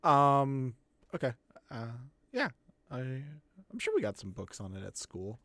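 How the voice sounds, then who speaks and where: A man voicing a shy young boy who loves spiders, talking softly and hesitantly with many stammers. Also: mid-range voice, wildly swooping pitch, unhurried, dry recording, heavily acted.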